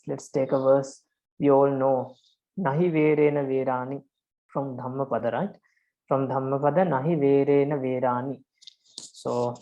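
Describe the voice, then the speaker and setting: Woman teacher, deep low voice, patient and repetitive, spells out syllables slowly. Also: creaky, dark tone. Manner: patient, repeats key words, checks with "right?"; sounds out verse syllable by syllable. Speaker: Pali prosody teacher. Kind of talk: online language lesson.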